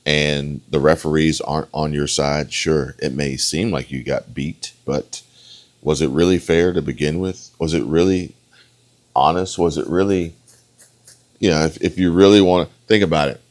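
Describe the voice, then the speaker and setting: A man's voice: a bass voice, steady tone, normal speed, darkish tone. A man giving opinionated, rambling reaction commentary on a debate clip, often punctuating his points with "okay?". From United States. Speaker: online political commentator.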